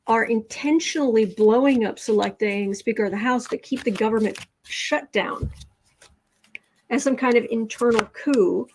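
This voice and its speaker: A woman hosting a casual tarot livestream, chatting in quick asides and reading out viewer comments. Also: on the high side, a little hiss or hum. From Midwestern United States.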